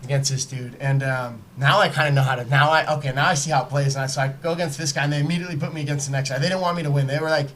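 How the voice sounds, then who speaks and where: A man spins a wild story in loose, swearing podcast talk, acting out every line he quotes. His voice sits a bit high and sounds bright and forceful. A faint hiss runs underneath. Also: very fast, hardly any pauses. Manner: animated, profane, acts out quotes. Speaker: podcast guest telling a story. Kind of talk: casual storytelling. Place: podcast studio, live.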